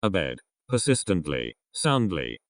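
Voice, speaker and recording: Deep-voiced man reading a word list. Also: sing-song, slow, no room sound, clean studio sound. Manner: reads isolated words one by one in a falling list cadence. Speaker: vocabulary word reader.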